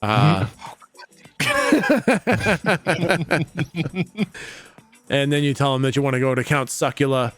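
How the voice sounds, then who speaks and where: A man's voice: mid-range voice, huge pitch swings, slow pace, pauses often, fairly bright tone, soft background music. A tired man narrating as game master of a tabletop game, rambling with lots of fillers and casual swearing.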